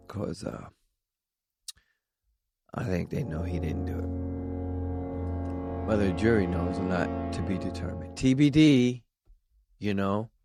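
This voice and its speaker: A man hosting his own vlog who talks in a rambling, profane way and slides into telling a stand-up bit. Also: on the low side. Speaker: vlog host and stand-up comic.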